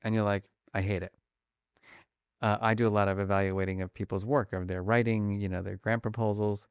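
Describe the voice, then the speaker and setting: A man being interviewed about his research, talking quickly and acting out little scenes as examples. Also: on the low side, clean tone, dry recording, studio quality. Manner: animated, fast-talking, acts out examples. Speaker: guest, emotion researcher. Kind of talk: conversational interview.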